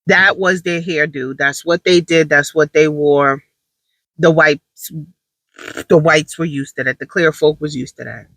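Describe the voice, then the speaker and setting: A woman's voice: low voice, fairly even intonation, measured pace, a bit bright, dry recording, rough recording. A woman telling a story in a casual monologue, emphatic and repeating her points for stress.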